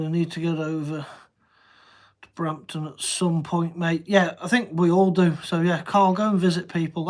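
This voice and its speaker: A man with a Midlands accent from around Telford, with a slight Welsh tinge, chatting casually on a livestream and answering viewer comments in an easygoing, jokey way. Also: a little high. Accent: Midlands English, Telford, with a slight Welsh tinge. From Telford, English Midlands. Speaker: livestream host.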